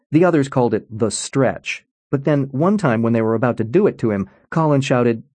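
A male audiobook narrator with a wry, expressive delivery whose pitch moves in lively swings. His voice is mellow and slightly husky. The recording is dry and close, with no room sound. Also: no echo. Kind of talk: scripted narration.

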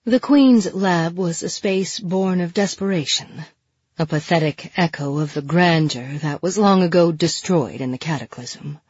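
An audiobook narrator reading a chapter opening in a slow, deliberate way. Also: mid-range voice, darkish tone, slightly rough, no room sound. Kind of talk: scripted narration. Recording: dry, slightly dull lo-fi recording.

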